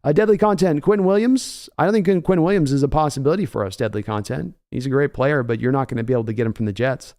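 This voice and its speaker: A man's voice: mid-range voice, fast talker, few pauses, darkish tone. A man hosting a live sports reaction stream, reading out donations and chatting casually with his viewers. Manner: reads donations aloud, chatty and hyped.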